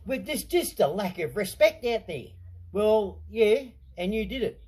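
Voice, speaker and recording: Brief: middle-aged Australian man, high voice, sarcastic, swearing, in his garage. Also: expressive, normal speed, a little mellow, rough recording. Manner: blunt, sarcastic, heavy swearing. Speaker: vlogger. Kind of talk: ranting monologue to camera.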